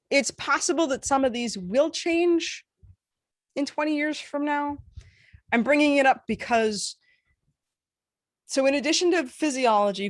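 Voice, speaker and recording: Woman running a chill workshop, lively and playful, dry close sound. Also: on the high side, dry recording. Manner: animated, playful asides, demonstrates intonation. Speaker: workshop facilitator. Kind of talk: casual online workshop teaching.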